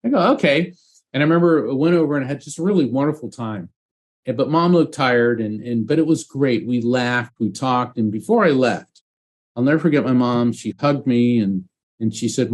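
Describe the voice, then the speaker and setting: In an interview, a man who is a psychic medium and former trial lawyer earnestly recounts a personal story with animated energy. His pitch is ordinary, his pace moderate, and he often restarts phrases as he goes.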